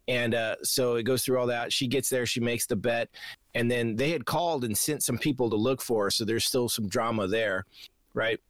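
Male podcast co-host, casual movie recap, profane and animated, dry close sound. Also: mid-range voice, moderate pace, dry recording. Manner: animated, profane storytelling, acts out reactions. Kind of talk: casual movie review chat.

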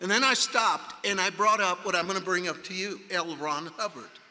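Man, preacher, high bright piercing voice, emphatic sermon storytelling, long hall reverb. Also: normal speed. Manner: emphatic storytelling, rising to shouts. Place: large conference hall.

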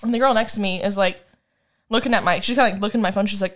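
A woman's voice: medium pitch, steady tone, racing, a bit bright. A woman in her twenties chatting casually as a podcast co-host, telling a rambling, dramatic story full of laughs. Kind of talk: casual chat.

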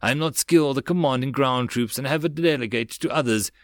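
A man voicing a weary, burdened starship captain in an audiobook, in a tired, low-key voice. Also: fairly quick, no echo, clean studio sound, lightly acted.

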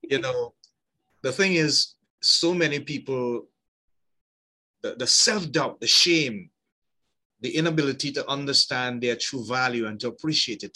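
Bright-voiced effusive male host. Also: mid-range voice, rough recording. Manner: effusive, reads viewer comments aloud. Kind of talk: live-stream interview hosting.

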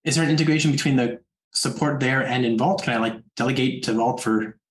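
A man's voice: medium pitch, quick pace, roomy sound, low-quality recording. A man hosting a podcast interview, asking rambling questions full of restarts and "like". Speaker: podcast host. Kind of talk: casual interview chat.

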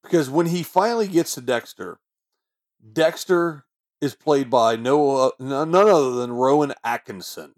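A man co-hosting a podcast, eagerly retelling favorite film scenes in an easygoing, conversational way. His voice sits at an ordinary mid pitch. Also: moderate pace, darkish tone. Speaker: podcast co-host. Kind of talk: casual chat about a movie.

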